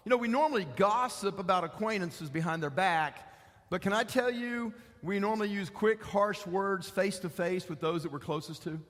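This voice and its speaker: High-voiced preaching pastor in a church hall. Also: male voice, moderate pace, fairly bright tone. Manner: preaching with repeated rhetorical questions. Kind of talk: sermon. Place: church sanctuary.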